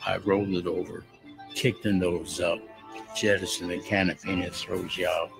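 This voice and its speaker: A man's voice: low voice, flat delivery, normal speed, gravelly, low-quality recording. A man in his nineties, a war veteran, telling his wartime memories in a vivid, plain-spoken way. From United States. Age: 90s. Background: background music.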